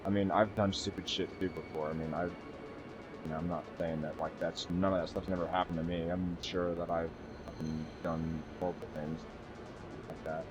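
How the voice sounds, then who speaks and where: A young man streams a game and rambles casually, swearing freely and chatting with his viewers. His voice is low-pitched and flat, at a normal speed. The stream audio is dull and lo-fi, with faint music underneath.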